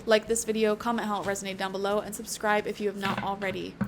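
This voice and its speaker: A woman's voice: mid-range voice, little pitch movement, fast talker, background noise. A woman doing a casual tarot reading to camera, chatty and emphatic, drifting into earnest pep talks and tossing in "okay?" and "you know". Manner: tangential, earnest pep talk. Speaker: tarot reader.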